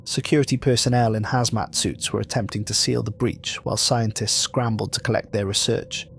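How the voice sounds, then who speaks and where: Low-voiced guy reading a creepy story, slow and somber, faint background hum. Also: fairly even intonation, gravelly. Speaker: narrator. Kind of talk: scripted horror narration.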